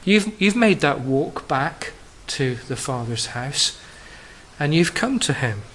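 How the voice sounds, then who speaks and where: A man preaches a sermon in a fairly high voice, lifting his pitch and volume for emphasis, then falling soft and low on key phrases. He speaks straight to the congregation. A faint hiss runs under the recording. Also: animated, takes it slowly, low-quality recording.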